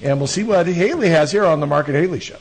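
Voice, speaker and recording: A man's voice: on the high side, quick pace. A man in his sixties hosting a radio talk show, chatting in a rambling way that keeps breaking off and restarting. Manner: rambling, self-interrupting.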